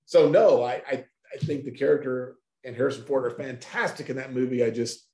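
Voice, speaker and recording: A man's voice: mid-range voice, fairly even intonation, brisk, dark tone, reverberant. A man co-hosting a podcast, giving wry, emphatic opinions in casual chat. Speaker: podcast co-host.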